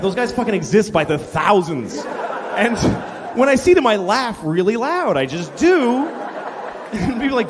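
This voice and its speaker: A man's voice: very high-pitched, sing-song, moderate pace. A middle-aged male stand-up comedian ranting in a profane, exasperated way on stage before a live audience. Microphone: stage mic. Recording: live audience and room noise. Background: crowd laughter.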